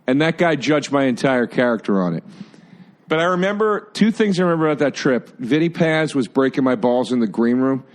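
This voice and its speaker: A man on a podcast tells stories in an excitable way and laughs often. His pitch swings up and down a lot as he talks. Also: a little fast. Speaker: podcast guest. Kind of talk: casual chat.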